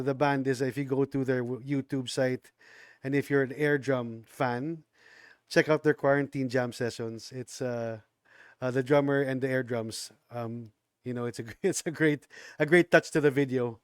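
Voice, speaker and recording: Smooth-voiced man hosting music. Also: medium pitch, dry recording, clean studio sound. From Philippines. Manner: chatty, loose, with frequent ums and restarts. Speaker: music show host. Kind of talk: casual livestream music show hosting.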